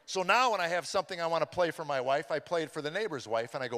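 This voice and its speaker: Middle-aged male comedian, testimony to a crowd, slightly high voice, halting delivery, large echoing hall. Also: pushed and bright. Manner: halting, repeats words and restarts often. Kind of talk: personal testimony told to a live audience. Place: large room with an audience. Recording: long hall reverb.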